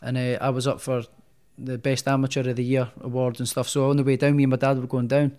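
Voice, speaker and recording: A professional boxer from Scotland, interviewed as a guest, rambles casually through his story, restarting and using fillers as he pokes fun at himself. His medium-pitched voice is level and a little mellow, and he keeps up a quick pace.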